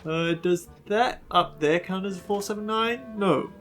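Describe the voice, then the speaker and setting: A man's voice: high-pitched, unhurried, a bit bright. A man hosting a let's play, giving casual gameplay commentary in a chatty, musing way with frequent hesitations. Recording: faint game music behind.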